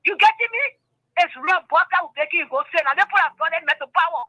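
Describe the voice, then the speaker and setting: A woman's voice: very high-pitched, lively intonation, fast talker, pushed and bright, no room sound, poor audio. An older woman, calling in to a talk show and speaking with passion, tearful at times. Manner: impassioned, tearful at times, preachy. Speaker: caller.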